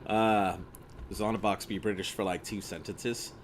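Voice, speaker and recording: A man's voice: fairly low pitch, fairly even intonation, a little slow. Chatty American man narrating gameplay. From United States. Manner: rambling, chatty, laughs at own jokes. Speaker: streamer. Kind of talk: casual gameplay commentary.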